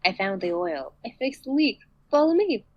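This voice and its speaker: A woman's voice: mid-range voice, very animated, normal speed, no echo, lo-fi sound, voice pushed up. A woman voicing a cocky young male guide who bosses and teases his friends as she reads a story aloud in a casual podcast. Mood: bossy.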